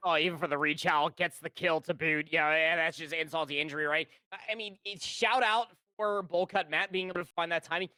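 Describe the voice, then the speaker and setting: A man's voice: a little high, steady tone, brisk, hardly any pauses, pushed and bright, no echo. A man giving live esports color commentary, chatty and rambling, with lots of fillers as he breaks down plays. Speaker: esports caster.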